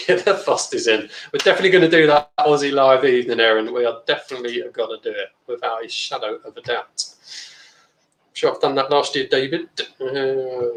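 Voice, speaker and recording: A man's voice: mid-range voice, fairly quick, fairly bright tone, reverberant, poor audio. A man hosting a casual live beer review, chatting bluntly and reading out viewer comments. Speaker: beer review channel host. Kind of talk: casual live-stream chat.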